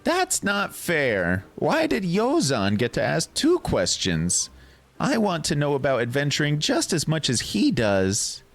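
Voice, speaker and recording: Man doing a small eager girl, high and lively voice, game character, faint music behind. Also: unhurried, exaggerated voice. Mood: pleading. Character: little girl, eager and pleading.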